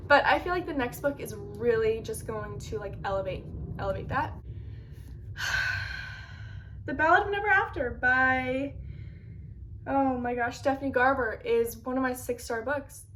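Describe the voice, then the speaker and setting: A young woman in a casual book vlog, reacting with animated, dramatic bursts of mock outrage. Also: high voice, normal speed, a little hiss or hum. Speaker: book vlogger.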